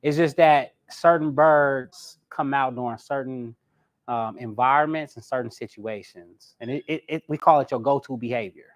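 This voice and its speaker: A man teaching a live personality class in a lively way, talking straight to his audience. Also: medium pitch, normal speed. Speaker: personality coach.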